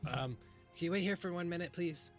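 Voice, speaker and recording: Man voicing a small timid kobold, hesitant, stammering, pitched up, tabletop game. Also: fairly quick, faint music behind, close to an everyday voice. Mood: polite. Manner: hesitant, stammering, overly polite.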